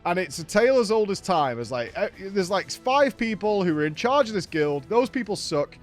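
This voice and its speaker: A man's voice: high voice, very animated, moderate pace, soft background music. A man hosting a casual gaming recap, telling the story with laughs and acted-out quotes. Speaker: gaming streamer host.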